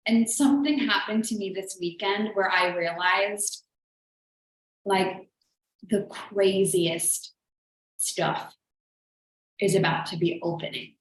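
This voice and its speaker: A woman's voice: mid-range voice, fairly even intonation, takes it slowly, long pauses, slight background noise. Earnest woman coach in an echoey room. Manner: chatty and earnest, heavy use of "like". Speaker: business coach hosting a live show. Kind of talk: motivational live-stream talk.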